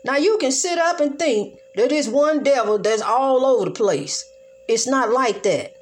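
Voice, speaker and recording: A woman's voice: high-pitched, animated, unhurried, faint music behind. A woman preaching in a fervent, repetitive monologue with a church cadence.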